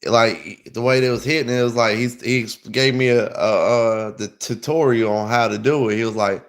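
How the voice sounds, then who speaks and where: A man with a drawl spins a loose, animated story at an easy, mid-range pitch. He talks in casual slang and curses freely, circling back on his words as he goes. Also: moderate pace, hardly any pauses. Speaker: podcast host.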